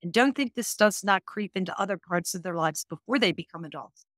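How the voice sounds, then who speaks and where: A woman's voice: medium pitch, expressive, fairly quick, fairly bright tone, no echo, clean studio sound. A woman speaking as a divorce coach guest on a podcast interview, earnest and emphatic, stacking her points in lists.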